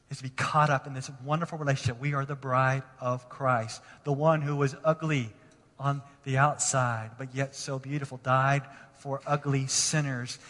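A man preaching a sermon as pastor in a church, passionate and moving between hushed lines and emphatic ones. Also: mid-range voice. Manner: impassioned, swinging from hushed to emphatic. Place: church sanctuary. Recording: long reverb of a large hall.

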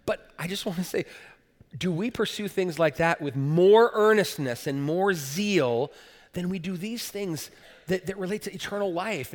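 A man preaching a sermon in an earnest, emphatic way. His voice sits a little high and trails off into the long reverb of a church sanctuary. He repeats words as he builds toward his points. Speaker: pastor.

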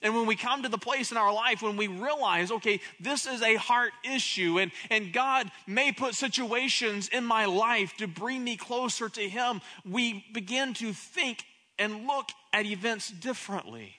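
A man preaching a sermon in a high, bright voice. His delivery is impassioned, dropping to a hush and then climbing loud, and he often stumbles over repeated words as he starts a thought. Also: measured pace. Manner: impassioned preaching, swings between hushed and loud. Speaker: pastor.

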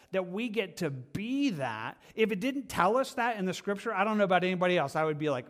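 A man's voice: sits high, expressive, a little fast. A man preaching a verse-by-verse sermon from a church stage, earnest and impassioned, often stumbling and restarting as he reaches for words. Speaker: pastor.

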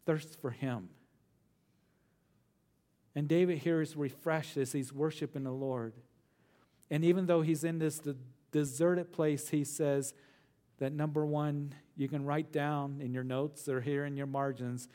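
A middle-aged male pastor teaching a verse-by-verse sermon, earnest, repeating phrases for emphasis and slowing down on key words. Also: on the high side, steady tone, mellow.

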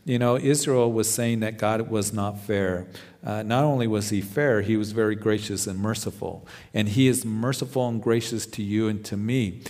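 A man's voice: lowish voice, steady tone, normal speed, a little mellow, long reverb tail. A male pastor preaching verse by verse, earnest and repeating words when he presses a point. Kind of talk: verse-by-verse sermon.

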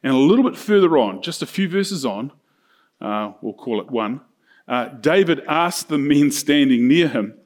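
A man preaching a sermon, telling a story casually and slipping into quick voices for the characters. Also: mid-range voice, expressive. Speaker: pastor.

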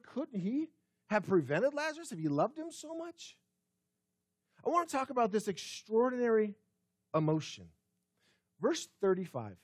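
A high-pitched man delivers a sermon in an expressive preaching style, with a dry, close sound. He swings from loud emphasis to near-whispered moments. When he reads scripture, he slows down deliberately. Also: no echo. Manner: slows down to read scripture aloud. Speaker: pastor. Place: church.

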